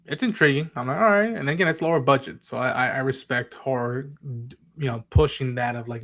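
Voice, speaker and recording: A man with a middle-pitched voice talks on a casual podcast. He rambles, hedges and trails off while searching for words. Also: a little fast, hardly any pauses, fairly bright tone. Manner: rambling, hedging, loses his words.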